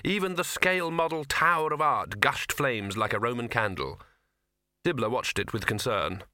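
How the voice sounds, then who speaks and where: A man reading a novel aloud in a measured, wry storytelling manner, close to a studio mic. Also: medium pitch, bright, forceful tone, no echo. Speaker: audiobook narrator. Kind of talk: scripted narration.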